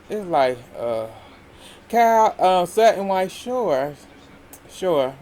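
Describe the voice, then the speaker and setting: A man with a fairly high voice recaps a reality TV episode in a slow, unhurried drawl. He acts out what the cast said and breaks into laughter often. Faint noise hums under the recording. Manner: animated retelling, voicing the cast's lines, laughing often.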